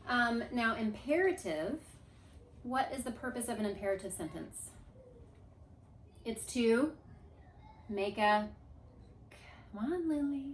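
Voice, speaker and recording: A woman teacher with a fairly high voice takes it slowly, pausing often, as she leads a lively grammar review, coaxing answers and chants from her class. The echoey classroom has a board, and there's a little hiss or hum.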